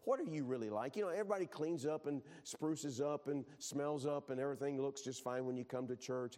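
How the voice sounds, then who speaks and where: A pastor from Texas delivering a sermon in a loose, conversational way, often doubling back and restarting his phrases. His voice sits at an ordinary, middle pitch for a man. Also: expressive, fairly quick, warm tone. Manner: conversational preaching with repeated restarts.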